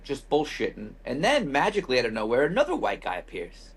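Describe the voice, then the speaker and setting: A male podcast host with a husky voice at an ordinary middle pitch spins a rambling travel anecdote. He keeps it loose and wry, drops in mild profanity, and acts out quoted remarks as he goes. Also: huge pitch swings, fast talker. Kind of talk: casual storytelling.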